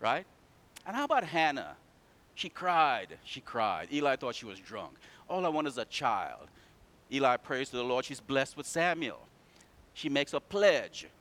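A man preaching a sermon in church, telling stories and calling out to the congregation, swinging from loud to hushed. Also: medium pitch, sing-song, measured pace.

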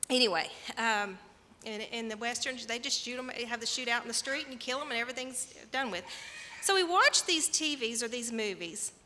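A woman's voice: fairly high pitch, pushed and bright, in a large hall. A woman preaching a conversational sermon to her congregation, asking them questions and reading scripture aloud. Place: church sanctuary.

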